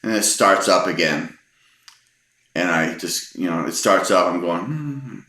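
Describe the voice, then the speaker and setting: This middle-aged man from Texas has a low, pushed, bright voice and unhurried delivery with fairly even intonation. Recorded in a room with echo, he tells personal stories as a rambling, hesitant storyteller, saying um often and restarting his sentences.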